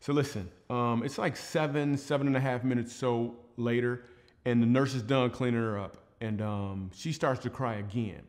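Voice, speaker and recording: A man's voice: mid-range voice, fairly even intonation, normal speed. Male comedian, mid-range voice, casual storyteller who drifts into earnest asides. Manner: loose, chatty storytelling with asides; turns quiet and earnest toward the end. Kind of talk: family-friendly stand-up at a church service.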